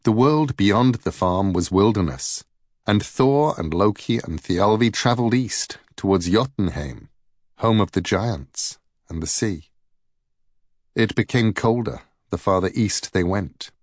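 A man narrating a myth as a storybook reading in an unhurried, expressive way. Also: lowish voice, no echo, studio quality.

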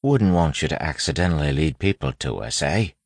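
This is a sly lawman passing himself off as a gang member, in a storybook reading, voiced by a man. He keeps his voice soft and low with a threatening edge. It sounds breathy and dry up close. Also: animated, a little fast, dry recording, full character voice. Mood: soothing. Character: sly male lawman posing as a gang thug.

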